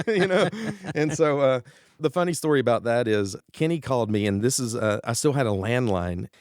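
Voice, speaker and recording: A man with a fairly low voice recounts tour stories in an easy, animated way. He laughs often and acts out the people in his stories. The sound is close and dry. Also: no room sound. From East Tennessee. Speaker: guest musician. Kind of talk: casual interview storytelling.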